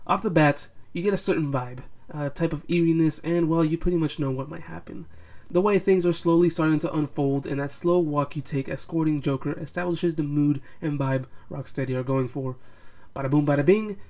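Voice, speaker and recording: A man's voice: a little high, a little mellow. A young man narrating a scripted game retrospective, with a casual manner and sarcastic asides. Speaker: game reviewer.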